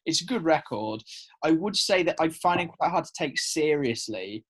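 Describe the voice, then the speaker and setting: Husky man trading teasing banter. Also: a little high, expressive, moderate pace, fairly bright tone. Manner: teasing and sweary, mock-indignant. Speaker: co-host. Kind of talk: casual banter over a drawing game.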